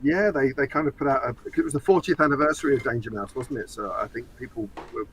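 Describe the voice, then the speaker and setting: A man's voice: mid-range voice, quick pace, rough recording. A man, a guest on a podcast, chatting casually and explaining details knowledgeably. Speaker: guest, fan website editor. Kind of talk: casual chat. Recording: faint background noise.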